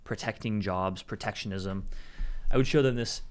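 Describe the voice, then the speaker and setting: Man, lowish voice, co-host, talks through arguments with examples. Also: moderate pace. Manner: explanatory, builds arguments with examples. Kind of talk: casual news commentary.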